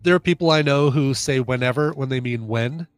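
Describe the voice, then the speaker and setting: A man's voice: medium pitch, no room sound. A man co-hosting a casual podcast, easygoing and joking as he chats. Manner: easygoing, joking, quick to laugh along. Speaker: podcast co-host. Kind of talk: casual chat.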